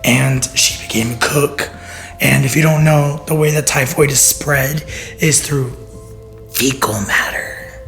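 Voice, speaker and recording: A man co-hosting a podcast in casual chat, joking and rambling with plenty of swearing, his voice hoarse and half gone. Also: medium pitch, fairly even intonation, a little slow, fairly bright tone, faint music behind. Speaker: podcast co-host.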